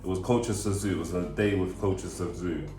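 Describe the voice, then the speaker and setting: A young man tells a personal story on a vlog, earnest and halting, often stopping to repeat himself. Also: low-pitched, steady tone, warm tone, slight background noise. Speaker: vlog co-host. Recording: echoey room.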